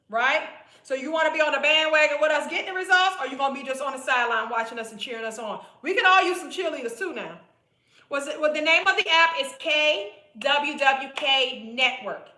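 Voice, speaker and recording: A high, bright, forceful voice belongs to a woman weight-loss coach running a casual sales pitch on a live stream. She is direct, chatty, and repetitive with her viewers, calling them "boo," and the room lends an echo.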